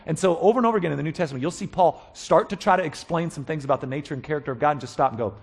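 Husky-voiced man preaching a lively sermon. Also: fairly high pitch, very fast. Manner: animated, checks in with the congregation; acts out quoted voices. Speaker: pastor. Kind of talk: conversational sermon.

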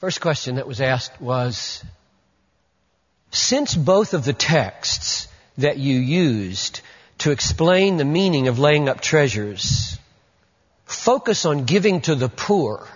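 A man preaching a sermon as pastor, with emphatic stresses that drop into hushed asides. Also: mid-range voice, breathy edge. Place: church sanctuary. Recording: muffled lo-fi recording in an echoey hall.

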